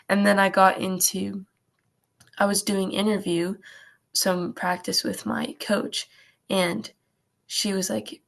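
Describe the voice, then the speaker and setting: A woman's voice: fairly low pitch, flat delivery, normal speed, vocal fry, a bit bright. A teenage girl talking earnestly in an interview, with many "like" fillers. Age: teens. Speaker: guest. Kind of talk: casual interview talk.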